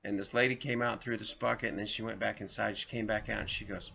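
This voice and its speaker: Talking fast with few pauses, this vlog host tells meandering personal stories straight to his viewers as folks. His lowish voice is creaky, pushed, bright, and slightly rough, with fairly even intonation. The lo-fi audio sounds slightly dull.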